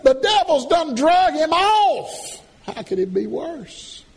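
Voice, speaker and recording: Panicked grown son, done by a man, very high frantic cries, drawn-out pleading. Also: sing-song, gravelly, slight background noise, full character voice.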